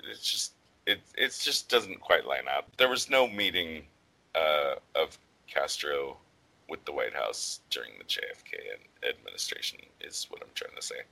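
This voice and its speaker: A man's voice: very deep voice, expressive, normal speed, creaky, sharp tone, poor audio. A man co-hosting a podcast, chatting casually about a movie and its history, rambling with lots of "like" fillers and some swearing. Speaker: podcast co-host.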